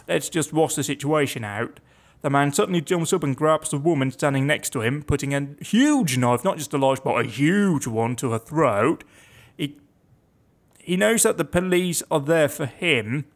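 A man's voice: mid-range voice, animated, moderate pace. A young man giving casual, chatty commentary on a game, reading its text aloud with wry asides. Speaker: let's play gamer.

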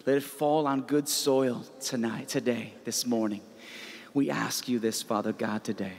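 A man's voice: medium pitch, steady tone, a little slow, creaky, in a large hall. A man leading worship in a church, praying fervently and calling out to the congregation. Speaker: worship leader. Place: church sanctuary. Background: loud worship music.

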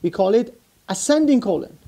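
A man's voice: sits high, animated, normal speed, warm tone. A man teaching anatomy to a live class, asking students questions and repeating key terms while writing on the board. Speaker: anatomy instructor. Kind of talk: classroom lecture.

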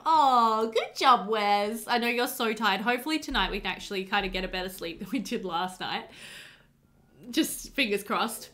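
A woman hosting a casual let's play, chatting excitably to her game characters as she plays. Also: fairly high pitch, moderate pace. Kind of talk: casual gameplay commentary.

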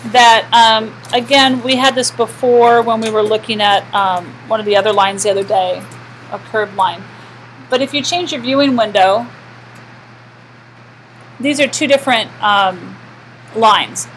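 A woman's voice: on the high side, fairly even intonation, measured pace, fairly bright tone, a little hiss or hum, rough recording. Woman math teacher lecturing a class. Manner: asks the class questions and answers them herself.

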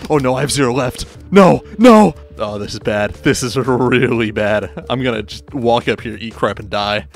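A man's voice: medium pitch, moderate pace, soft background music. A man chatting casually and jokily while streaming a multiplayer game. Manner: excitable, jokey, laughing. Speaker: gamer streamer. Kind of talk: casual gameplay chat.

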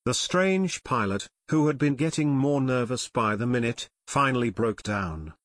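A man narrating an audiobook in a steady storytelling manner, recorded close on a studio mic. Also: medium pitch, unhurried. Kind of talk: scripted narration.

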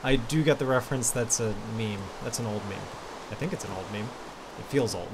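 Playful male gaming host, mid-pitched, casual delivery; recording has audible hiss. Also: brisk. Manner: chatty and playful, bursts into yells. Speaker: Minecraft server host reading player messages.

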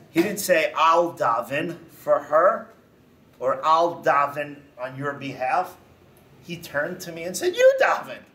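A man lectures a congregation as a rabbi, building points through emphatic repetition and lively storytelling. His voice sits fairly high. He is heard from a distance in a synagogue hall.

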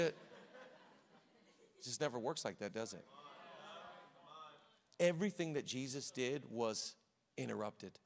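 A man's voice: medium pitch, animated, unhurried, creaky, long pauses. A man preaching a sermon as pastor, telling stories with animation and acting out quoted voices. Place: large church auditorium. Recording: echoey church hall.

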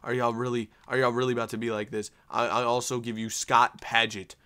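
A man giving excitable video game commentary, stammering and exclaiming, swinging from low grumbling to loud outbursts. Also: fairly quick, smooth. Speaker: gaming YouTuber.

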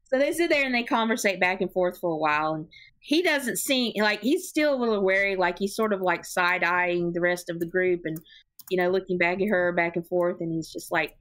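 A woman's voice: on the low side, fairly quick, fairly bright tone. Laughing woman narrating a tabletop game. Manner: rambling, laughs often while narrating. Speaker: game master.

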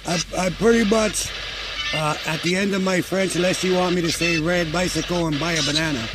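A man's voice: high-pitched, steady tone, brisk. A man hosting a paranormal investigation outdoors, politely calling out to spirits and thanking them. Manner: polite, upbeat, thanks the unseen often. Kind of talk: casual talk to spirits during a ghost hunt. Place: outdoors near waterfalls. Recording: loud outdoor background noise.

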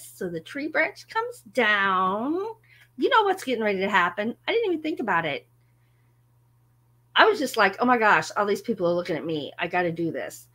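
A woman with a bright, fairly high voice tells a story in a relaxed, unhurried way. She laughs often and pokes fun at herself while chatting with her audience. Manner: laughs often, animated and self-mocking. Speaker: music channel host. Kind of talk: casual storytelling to a live audience.

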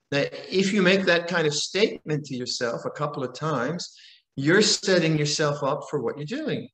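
An older man, a meditation teacher, gives a calm, conversational dharma talk with frequent repetitions and rhetorical questions. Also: fairly high pitch, moderate pace. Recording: roomy echo.

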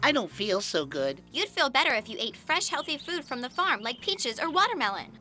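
A chirpy cartoon child in an animated ad. The voice is sharp and bright and leaps up and down in pitch. Light children's music plays under it. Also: female voice, fairly quick, full character voice. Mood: cheerful. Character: cartoon kids in a farmer's market ad. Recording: music bed behind a played-in ad clip.

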